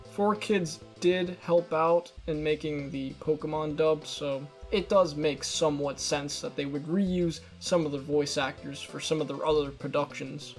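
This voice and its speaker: A young man reading a scripted commentary rant, exasperated and sarcastic in tone. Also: a little high. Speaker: video essayist. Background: faint background music.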